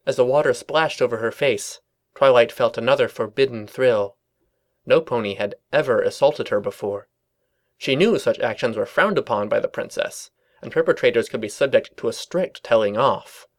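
Male reader, storybook narration, even, dry, mid-pitched. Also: moderate pace.

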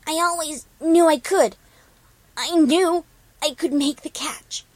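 A woman's voice: sits high, takes it slowly, a little mellow, no room sound, pitched above the performer's own voice. A woman voicing a determined, daring young female pony, breathless and awed, in a storybook reading. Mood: shaken triumph.

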